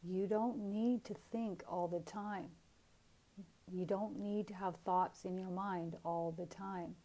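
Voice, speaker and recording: Calm, mellow-voiced woman spiritual teacher. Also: medium pitch, slow pace. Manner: calm, earnest and encouraging.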